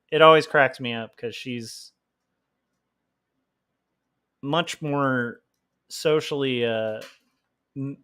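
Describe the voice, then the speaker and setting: A man's voice: mid-range voice, fairly bright tone, clear, resonant tone. Rambling man chatting on a stream. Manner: rambling with many fillers, self-deprecating, laughs often. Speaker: livestream host and comic artist. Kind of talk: casual chat while drawing.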